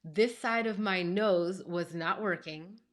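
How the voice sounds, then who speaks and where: A woman's voice: fairly low pitch, slow pace. A woman in her thirties, a life coach, telling a personal story to camera in a chatty, emphatic way with lots of "like" and "you know". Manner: expressive, emphatic retelling.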